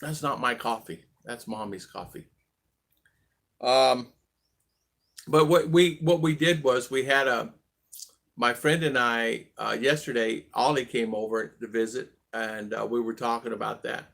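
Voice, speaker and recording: A gravelly-voiced man hosts a casual live stream, greeting viewers one by one in a friendly way. He rambles, stops and restarts often, and fills pauses with "um" and "uh" as he chats. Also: medium pitch, fairly bright tone. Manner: rambling, halting, many fillers and restarts. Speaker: livestream vlog host.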